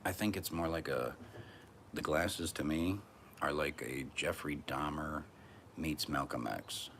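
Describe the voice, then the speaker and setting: A man's voice: extremely low pitch, measured pace, background noise. A man vlogging from a back porch outdoors, talking in a brash, profane, rambling monologue.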